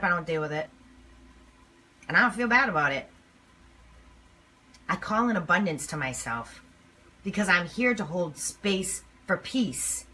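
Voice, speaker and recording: A woman speaking emphatically to camera as a motivational speaker, swinging between loud and hushed lines. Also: medium pitch.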